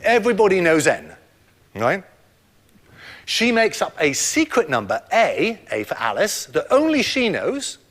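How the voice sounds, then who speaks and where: A man's voice: sits high, huge pitch swings, unhurried, a bit bright. An older man giving a public lecture, explaining math step by step in a playful way and quizzing his audience.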